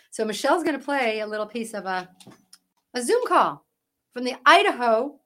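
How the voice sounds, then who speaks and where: A woman's voice: mid-range voice, fairly bright tone. A woman hosting a Christian podcast, giving impassioned commentary with emphatic, preachy delivery and a string of rhetorical questions. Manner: parent. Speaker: podcast host.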